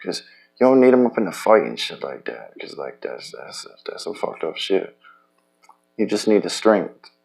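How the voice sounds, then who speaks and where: A man talking in a loose, rambling personal monologue, profane and halting, with many restarts. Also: low voice, sing-song, vocal fry, darkish tone. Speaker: vlogger.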